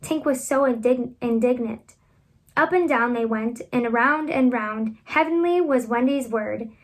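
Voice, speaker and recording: Woman, high-pitched, storybook read-aloud, expressive, at home. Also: normal speed. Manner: expressive, voices the children's lines with lifts in pitch. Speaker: reader. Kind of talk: reading a children's book aloud.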